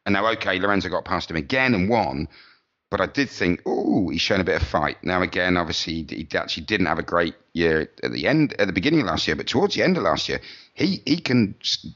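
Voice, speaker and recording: Speaking fast and expressively in a low, somewhat bright voice, this podcast co-host rambles casually about motorbike racing, restarting sentences as he goes. The high frequencies of the audio are cut off.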